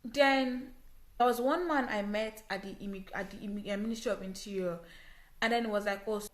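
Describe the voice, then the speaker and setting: A woman's voice: medium pitch, fairly quick. A young Nigerian woman with a Nigerian English accent, telling a personal story to her vlog audience in an earnest, emphatic way, repeating phrases for stress. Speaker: vlogger. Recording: echoey room.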